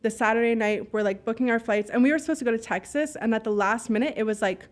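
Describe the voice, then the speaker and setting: A woman telling stories in a casual interview, blunt and animated, swearing freely and filling her talk with "like". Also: on the high side, fast talker. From Canada. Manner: fillers and acted-out dialogue. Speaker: podcast guest, business owner.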